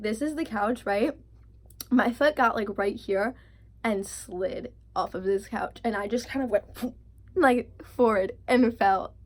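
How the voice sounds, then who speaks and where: A woman in her twenties telling a storytime vlog, animated and full of "like", acting out her own panicked lines. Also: a little high. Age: 20s. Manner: heavy use of filler "like". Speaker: vlogger.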